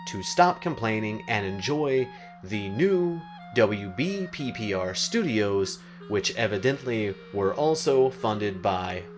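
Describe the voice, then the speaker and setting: A man hosting a mock public radio show, slow and put-upon with a forced cheerfulness. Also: lowish voice. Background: guitar music.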